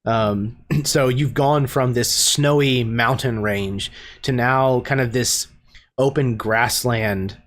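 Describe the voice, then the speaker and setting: A man acting as game master, describing the scenery of the game world in measured narration. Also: medium pitch, fairly even intonation.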